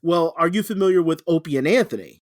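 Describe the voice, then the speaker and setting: A man's voice: fairly high pitch, lively intonation, fast, no room sound, studio quality. A young man on a podcast, chatting casually and rambling, often restarting sentences and laughing. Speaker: podcast co-host. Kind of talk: casual chat.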